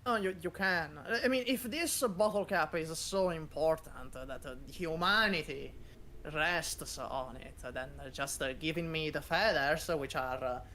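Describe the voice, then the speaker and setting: An eager player at a tabletop game, bargaining in halting bursts full of fillers. The pitch sits in the middle, and a faint hum runs under the voice. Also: pushed and bright.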